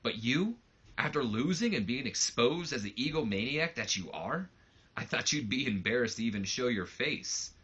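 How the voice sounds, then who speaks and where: A man's voice: mid-range voice, animated, moderate pace, fairly bright tone, husky, muffled recording. A man reading out the lines of a brash, cocky young male wrestling promoter in a sneering, boastful promo voice.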